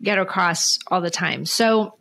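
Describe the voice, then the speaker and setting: A woman's voice: lowish voice, measured pace, vocal fry, fairly bright tone. Earnest woman podcast host. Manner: earnest, explanatory, steers with questions. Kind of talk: podcast interview.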